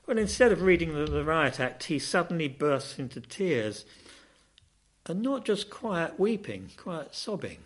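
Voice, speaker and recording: Lively, dramatic male preacher. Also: fairly high pitch, unhurried. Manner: dramatic, rising and falling emphasis. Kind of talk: sermon.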